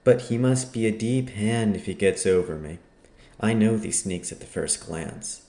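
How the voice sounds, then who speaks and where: A man voicing a cocky, gruff male thief chief who talks in a blustering, boastful way in an audiobook. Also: on the low side, expressive, normal speed, dark tone, reverberant.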